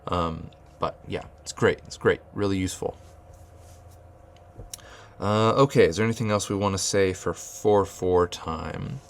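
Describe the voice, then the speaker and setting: A man's voice: deep voice, measured pace, gravelly. A man teaching rhythm at a whiteboard, thinking aloud with fillers and restarts and chanting rhythm syllables. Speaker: music teacher.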